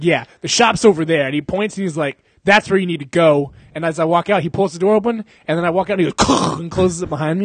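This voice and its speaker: A young man telling a long story in casual chat, animated and full of swearing and laughter. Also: high-pitched, breathy edge, no room sound.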